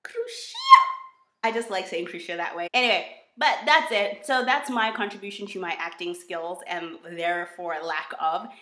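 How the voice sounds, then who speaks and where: A woman with an American accent chatting in a bubbly, expressive way on her book vlog. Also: on the low side, normal speed, few pauses. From United States. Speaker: book vlogger. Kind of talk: casual vlog chat. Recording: roomy echo.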